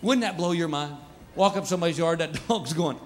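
A man doing stand-up comedy with punchy, animated storytelling. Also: a little high, fairly quick, noisy background.

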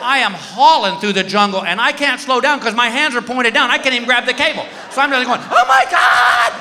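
A middle-aged man doing stand-up, telling a story in an animated way and acting out other people's voices. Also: fast. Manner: animated, acts out other voices with big pitch jumps. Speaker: stand-up comedian. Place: stage in a large hall. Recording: live hall recording with faint room ambience.

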